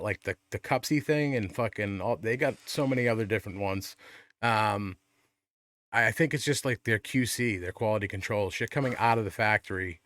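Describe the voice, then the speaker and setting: A man's voice: lowish voice, a bit bright. A man co-hosting a podcast in casual chat, rambling and swearing freely. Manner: rambling, swears often, restarts. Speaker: podcast co-host.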